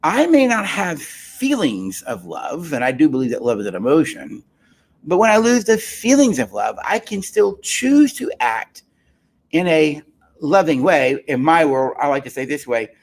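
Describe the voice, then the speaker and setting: A man's voice: fairly high pitch, sing-song, a little slow. A man, a psychologist and therapist, giving an emphatic teaching talk on love and marriage, repeating key phrases and asking rhetorical questions.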